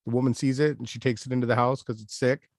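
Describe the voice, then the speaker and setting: A man's voice: mid-range voice, fairly even intonation, fast talker, darkish tone, no room sound, studio quality. A man hosting a commentary show, ranting indignantly and emphatically about a clip he has just played. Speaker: channel host.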